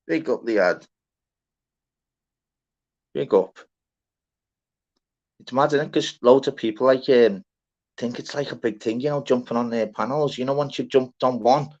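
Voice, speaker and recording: A man's voice: mid-range voice, measured pace, pauses often, a little mellow. A young Scouse man hosting a casual livestream, chatty and sweary, greeting viewers by name. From Liverpool, England. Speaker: livestream panel host. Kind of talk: casual live chat. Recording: dull lo-fi stream audio.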